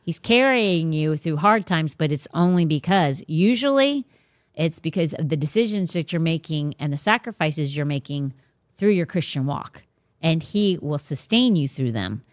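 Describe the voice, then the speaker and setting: A woman's voice: deep voice, expressive, normal speed, dry recording, clean studio sound. A woman hosting a faith podcast, talking casually but bluntly and emphatically. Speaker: podcast host.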